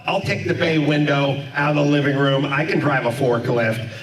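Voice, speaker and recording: A man's voice: on the high side, fairly even intonation, normal speed, a crowd in the background, close to an everyday voice. A man voicing a mock-earnest prank-calling husband who gets indignant, heard from far off in an echoey live room with an audience behind. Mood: persuasive. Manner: mock-earnest, overly polite.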